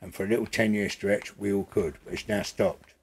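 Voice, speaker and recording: An older man, gravelly and husky, speaking bluntly and emphatically in a casual interview at his home, swearing freely. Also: on the low side, fairly even intonation, brisk. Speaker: interview guest.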